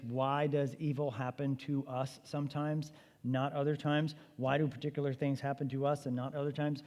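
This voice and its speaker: A man's voice: a little high, darkish tone. A man teaching an apologetics seminar at a church, talking conversationally and emphatically with rhetorical questions. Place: church meeting room. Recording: long reverb of a church hall.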